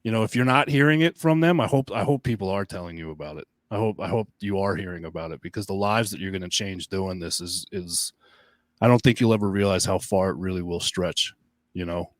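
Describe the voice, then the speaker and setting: A middle-aged man from Long Island co-hosting a podcast, talking in an emphatic, halting way that circles back on itself. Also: sits low, no echo. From Long Island, New York. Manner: emphatic, halting, repeats himself. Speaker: podcast co-host. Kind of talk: casual podcast chat.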